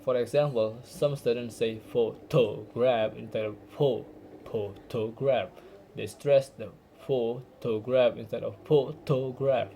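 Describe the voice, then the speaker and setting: Young man, student presentation, mellow voice, faint background hiss. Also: mid-range voice, steady tone, normal speed, creaky, hardly any pauses, low-quality recording. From Indonesia. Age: young adult. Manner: earnest, explanatory, with small restarts. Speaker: university student. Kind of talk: recorded class presentation.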